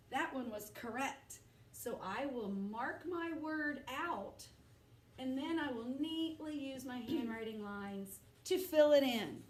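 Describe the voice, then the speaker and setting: A woman teaching first graders, slowly thinking aloud step by step as she works through a worksheet. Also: fairly high pitch. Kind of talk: modeling a worksheet out loud. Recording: echoey room, voice away from the mic.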